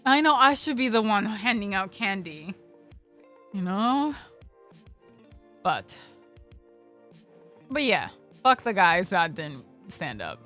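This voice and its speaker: A woman's voice: medium pitch, sing-song, slow, long pauses, fairly bright tone, faint music behind. A young woman streamer telling a casual story, rambling with lots of fillers and swearing freely.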